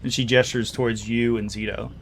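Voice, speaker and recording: A man's voice: medium pitch, flat delivery, fairly quick, creaky, a bit bright, slight background noise. Man narrating as game master, casual. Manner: casual, hesitant narration with many fillers.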